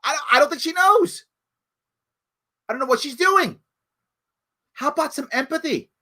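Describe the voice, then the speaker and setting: Middle-aged guy ranting on his live show, pitch all over the place, bright edgy voice. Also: lively intonation, moderate pace. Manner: emphatic and preachy, jumps from loud outrage to low hushed pleas. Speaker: host of a live talk show. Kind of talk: impassioned solo commentary.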